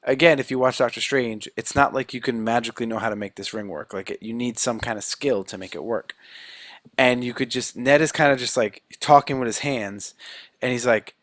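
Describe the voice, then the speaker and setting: On a podcast, a male co-host with a medium-pitched voice retells a film scene by scene in casual chat, animatedly acting out the characters' lines. He speaks briskly, with no room sound.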